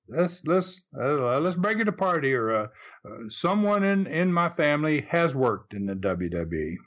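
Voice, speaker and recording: An older man with a Southern US accent, a retired wrestling promoter, telling stories in a casual interview in a rambling, folksy way with many restarts. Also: medium pitch.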